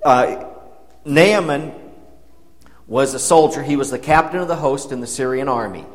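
A man's voice: mid-range voice, normal speed. A man preaching a sermon, retelling a Bible story in a conversational way and paraphrasing the dialogue. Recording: long hall reverb.

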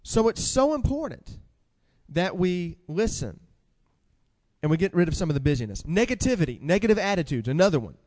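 A man preaching a sermon with animated delivery, asking the congregation questions and reading scripture aloud. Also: high-pitched, fairly quick, big-room sound.

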